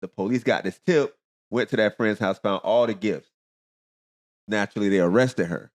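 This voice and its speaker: A man's voice: on the low side, normal speed. A man hosting a casual podcast, chatting and often laughing. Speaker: podcast host. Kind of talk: casual chat.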